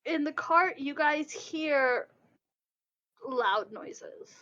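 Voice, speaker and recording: A woman narrating as game master of a tabletop role-playing game, describing scenes slowly and deliberately with hesitant pauses. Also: sits high, pushed and bright, lo-fi sound.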